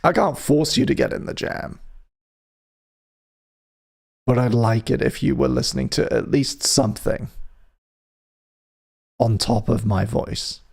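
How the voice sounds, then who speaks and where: A man's voice: medium pitch, unhurried, vocal fry, pauses often, a little mellow, slightly rough. A man from the UK hosting a live music stream, chatting casually and playfully with his viewers in a rambling, teasing way. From United Kingdom.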